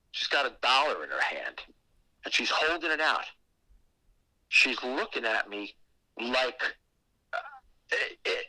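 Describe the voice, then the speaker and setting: A man telling a creepy personal story on a podcast in a casual, animated way, swearing often. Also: mid-range voice, dry recording, poor audio. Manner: animated and heavily profane, with acted asides. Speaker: guest telling a ghost story.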